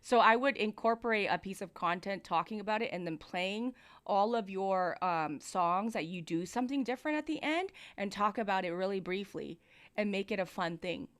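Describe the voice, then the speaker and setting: A woman hosts a music review livestream, speaking at normal speed with a medium pitch, an animated manner, and a slightly bright tone. She gives casual, explanatory feedback on vocals and mic technique into a studio mic, which she moves closer and farther away.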